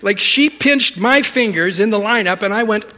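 Canadian man preaching, bright and high. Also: moderate pace, big-room sound. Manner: humorous storytelling, lively. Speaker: pastor. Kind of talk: sermon. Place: church.

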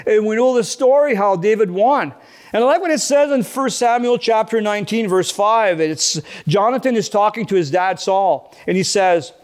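High-voiced male pastor preaching earnestly. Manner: earnest, repeats and restarts words while preaching. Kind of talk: sermon.

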